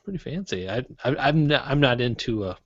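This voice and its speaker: A man's voice: medium pitch, lively intonation, fairly quick, no echo. A man co-hosting a tech podcast in easygoing, joking chat and reading out listener email. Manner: easygoing, joking, muddles through reading aloud. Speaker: podcast co-host. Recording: dull lo-fi dry podcast audio.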